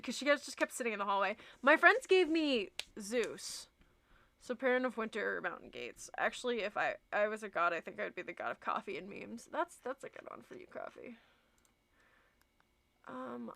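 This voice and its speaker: A woman's voice: fairly high pitch, gravelly, a bit bright. A young woman streaming and chatting casually with her viewers, reading chat aloud and laughing easily.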